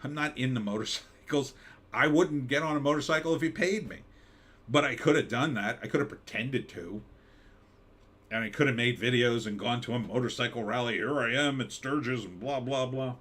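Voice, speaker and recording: A man's voice: mid-range voice, a little fast, fairly bright tone. A man hosting a live stream, chatting casually and reading viewer comments, with a mid-Atlantic American accent. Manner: rambling, conversational, with mock announcer bits.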